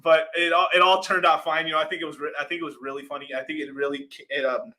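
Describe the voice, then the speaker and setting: Bright-voiced, swearing man telling a story. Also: fairly high pitch, fast. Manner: profane, animated, laughing storyteller. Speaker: crypto channel host. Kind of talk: casual storytelling vlog.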